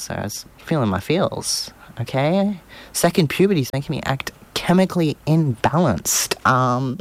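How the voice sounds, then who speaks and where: A man hosting a community radio show in a small studio, chatting casually in a rambling, self-deprecating way. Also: a little high. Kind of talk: casual on-air chat. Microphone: studio microphone.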